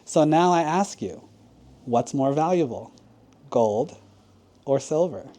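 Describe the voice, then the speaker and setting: A monk telling a children's sermon story, asking the kids questions as he goes. His voice is mellow and dark-toned. He speaks with a lively, animated lilt. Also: fairly high pitch, slow pace.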